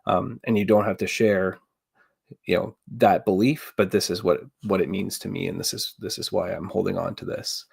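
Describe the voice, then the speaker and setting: A man talking calmly in a casual podcast conversation, giving steady, reassuring advice. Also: sits low, normal speed, vocal fry, slightly rough, dry recording, clean studio sound. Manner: calm and advising, steady reassurance.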